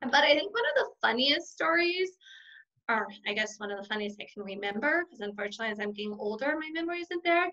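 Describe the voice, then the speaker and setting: A woman kindergarten teacher with a bright, forceful voice that sits a little high, telling stories in an interview and acting out what others said. She is middle-aged and talks in an animated, warm way. The sound is dull and lo-fi. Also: fast. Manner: warm, animated storyteller who acts out quotes. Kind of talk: casual interview answers.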